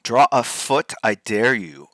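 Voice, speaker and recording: A man's voice: medium pitch, lively intonation, slow, no echo, studio quality. Laid-back man chatting while drawing. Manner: playful, teasing, reacting to chat out loud; repeats words to practice pronouncing them. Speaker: artist hosting a live drawing stream. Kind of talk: casual live-stream chat while drawing.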